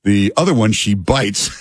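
A man hosting talk radio, reading ads and chatting in a relaxed, halting way full of fillers. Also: on the low side, dry recording. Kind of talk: talk radio with live ad reads. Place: radio studio. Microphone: studio microphone.

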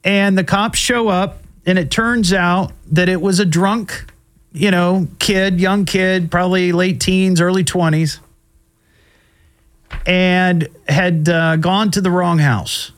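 A man's voice: sits high, steady tone, slow. A middle-aged man hosting a show, casually commenting on odd news stories with wry asides and frequent fillers. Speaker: host.

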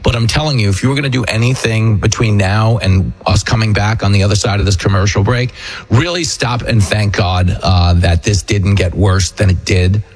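A man with a New York accent hosting a political commentary show, talking in a mocking manner and acting out quotes in a shrill high voice. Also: moderate pace. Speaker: show host.

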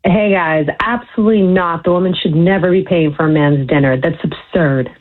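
A woman phones in to a talk radio show with a lowish, husky voice. She is blunt and emphatic and argues her side without backing down. The line is thin and tinny like a phone call. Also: moderate pace. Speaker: caller.

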